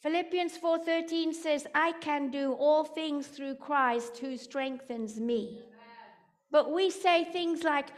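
Slow, high-voiced woman preaching. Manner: dramatic storytelling, rising to shouts. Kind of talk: sermon.

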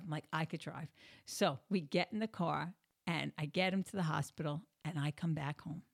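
A middle-aged woman, a yoga therapist, telling a personal story casually and acting out the dialogue with sudden loud bursts. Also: low voice, fairly quick, gravelly. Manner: animated, acts out dialogue with big swings in loudness.

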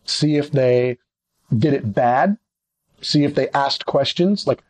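With a slightly rough voice and a moderate pace, a middle-aged ministry leader gives a conversational teaching on leadership, recorded with no room sound. He stays animated, acting out short exchanges with sudden leaps in pitch.

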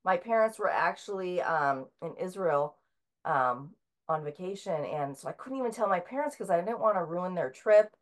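A middle-aged woman with a fairly low voice talks as a guest in a relaxed interview. She tells her story in a loose, conversational way, often pausing on filler sounds and restarting her sentences.

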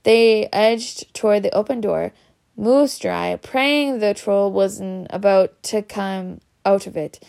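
A woman reading a children's story aloud in a steady way. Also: mid-range voice, slow pace, creaky. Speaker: reader.

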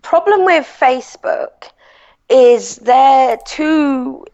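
Woman, interview guest, blunt and sweary, very animated delivery. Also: high voice, extremely slow, dull audio. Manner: blunt, outspoken, swears freely. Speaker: guest blogger. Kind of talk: casual interview chat.

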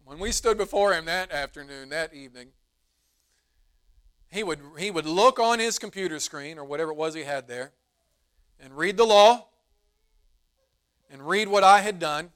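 A middle-aged man, a pastor preaching a sermon in a church, telling a folksy story in a relaxed, conversational way. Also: on the high side, normal speed, pauses often, smooth. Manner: rises to emphatic preaching. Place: church sanctuary.

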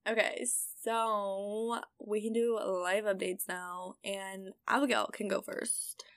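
A woman's voice: medium pitch, steady tone, slow pace, fairly bright tone, clean tone, dry recording. A bubbly young woman co-hosting a podcast. She rambles and giggles as she chats. Her voice sits close and dry on the mic. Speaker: podcast co-host. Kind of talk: casual chat.

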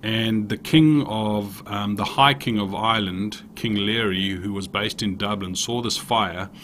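A man with a fairly low voice preaches in an earnest, searching way, often circling back to restart a phrase. He tells an old story and reads prayers aloud. A faint hiss of noise sits under the recording. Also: unhurried, a bit bright. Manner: earnest, with frequent restarts and repeated words. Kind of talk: sermon with storytelling and read prayers.

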